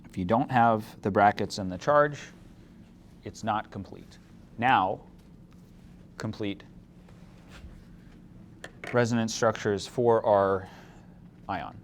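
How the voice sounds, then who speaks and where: Low-voiced man lecturing on chemistry. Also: takes it slowly, long pauses, slight background noise. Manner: asks the class questions, mildly opinionated. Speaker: chemistry instructor. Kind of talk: classroom lecture.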